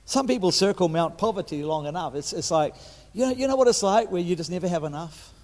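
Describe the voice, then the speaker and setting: A New Zealand man in his fifties preaches a sermon in a high, lifted voice. He repeats and restarts his words, rising loud and then dropping to a hush. His voice rings out through a big echoey hall. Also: lively intonation, quick pace. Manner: repetitive restarts, swings from loud to hushed. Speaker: guest preacher.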